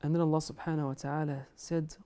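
Woman, religious lecture, emphatic, lowish voice, mellow tone. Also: little pitch movement, fast. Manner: earnest, emphatic, quotes Arabic scripture and scholars. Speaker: Islamic lecturer. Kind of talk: religious lecture on kindness to parents.

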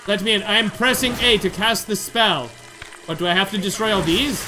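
A man giving chatty, excitable commentary over his own video game playthrough. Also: high voice, fairly quick, background noise. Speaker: gamer doing a playthrough. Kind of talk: casual let's-play commentary. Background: game music.

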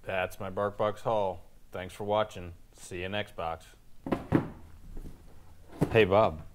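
A man voicing a laid-back, mischievous male dog, deadpan and slow in his banter. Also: low-pitched. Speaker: show host. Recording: noisy home recording.

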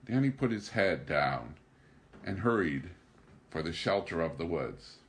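A man with a fairly low voice reads a novel aloud as an audiobook narrator. His pitch moves in a lively way, staying even in the narration and rising for the dialogue. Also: unhurried, a little hiss or hum. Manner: raises pitch and volume for dialogue, narrates evenly. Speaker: audiobook reader. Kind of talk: scripted narration.

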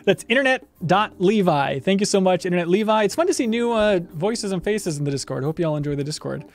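A man's voice: high voice, expressive, fairly quick. A man hosting a live video game trivia stream, announcing answers in an upbeat, game-show way.

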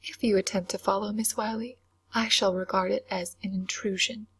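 A woman's voice: medium pitch, fairly even intonation, husky. Miss Wilson, a woman voicing a stern headmistress. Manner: quiet, severe and measured. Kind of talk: whispered role-play reading.

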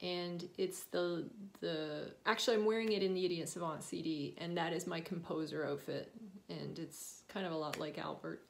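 Woman, author, book reading with casual asides, slightly low pitch, easygoing. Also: fairly even intonation, moderate pace, vocal fry. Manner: chatty, laughs often, trails off into asides.

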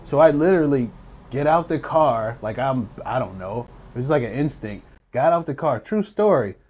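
A man casually telling a story to friends, animated and laughing, acting out what others said. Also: mid-range voice, normal speed, husky, lo-fi sound. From US Midwest. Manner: animated, laughing, swearing, acts out quotes. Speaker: storyteller in a group chat.

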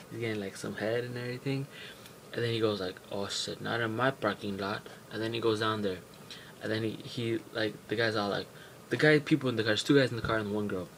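Young guy rambling thru a casual vlog into a webcam, cussing a lot, low gravelly voice, lil bit of hiss. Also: a bit bright, low-quality recording. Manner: rambling, profane, many fillers and restarts. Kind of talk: casual vlog movie recap.

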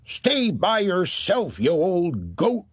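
A man voicing a mean, spiteful wife in a storybook tale, who shouts and sneers her insults. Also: high voice, wildly swooping pitch, slow pace, breathy edge, no room sound, voice pushed up, full character voice. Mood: sneering.

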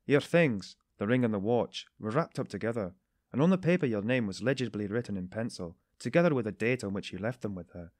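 A man reading an audiobook, voicing a middle-aged male detective who speaks calmly and coldly. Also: fairly low pitch, dry recording, clean studio sound. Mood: cool. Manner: calm, cold, measured.

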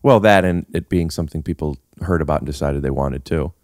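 A man's voice: a bass voice, fairly quick, darkish tone, dry recording, studio quality. A man hosting a podcast in casual chat, teasing and joking with his guest. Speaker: podcast host.

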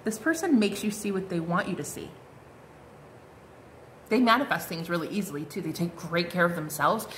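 A woman's voice: on the low side, animated, moderate pace, pauses often, fairly bright tone, a little hiss or hum. A woman giving a casual tarot card reading, chatty and bubbly, full of fillers and exclamations. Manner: chatty, bubbly, lots of "like" and "oh my God".

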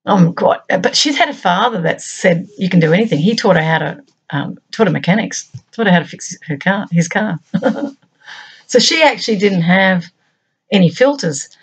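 A middle-aged woman hosts a reflective monologue, feeling her way through ideas in short, broken phrases. Her voice sits at a middle height with a husky, breathy texture. She sounds as if she is working each thought out as she speaks. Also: mid-range voice, animated. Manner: thinking aloud in short, halting phrases. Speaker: channel host.

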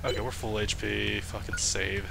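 A man's voice: on the low side, steady tone, creaky. A man giving casual, profane let's-play commentary with frequent laughs. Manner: swearing, laughing, unhurried. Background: game music.

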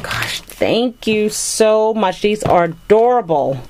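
A woman's voice: medium pitch, expressive, slow pace, a little mellow, a little hiss or hum. A middle-aged woman chatting casually while unboxing a gift package, gushing with thanks over each item. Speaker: vlogger opening a gift package.

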